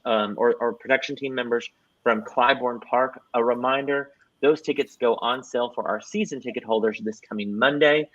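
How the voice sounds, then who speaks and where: An upbeat man hosts a casual livestream chat, rambling cheerfully and plugging events between chuckles. His voice sits at an ordinary middle pitch. The sound is dry and a little dull, like a lo-fi stream. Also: fairly bright tone, no echo. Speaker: host.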